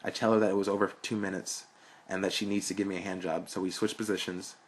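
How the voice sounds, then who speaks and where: Young guy reading his story out loud, kinda low and husky, blunt and crude. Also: little pitch movement, fast talker. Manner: frank, blunt, profane storytelling. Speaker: narrator.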